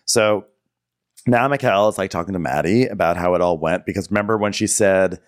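A man co-hosting a podcast who recaps a reality show in a playful, gossipy storytelling way. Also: low-pitched. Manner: playful storytelling with quick quoted bits. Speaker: podcast co-host. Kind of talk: casual reality TV recap chat.

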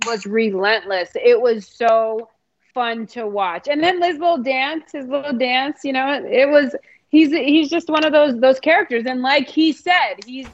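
A woman's voice: high-pitched, unhurried, muffled recording. A woman co-hosting a casual sports podcast, speaking with emphatic enthusiasm. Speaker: podcast co-host.

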